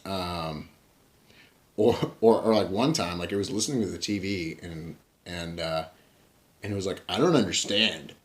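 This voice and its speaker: A man's voice: sits low, steady tone, moderate pace. A man giving a casual tech review at home, rambling with lots of fillers and frequent chuckles.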